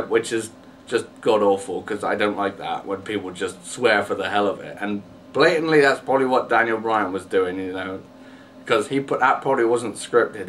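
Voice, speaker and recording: A man vents in a loose, rambling rant, full of fillers and false starts. His pitch sits mid-range, and he sounds a little distant from the mic. A faint hiss runs underneath. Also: a bit bright. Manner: exasperated, rambling, many fillers and restarts. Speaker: vlogger. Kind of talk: casual rant to camera.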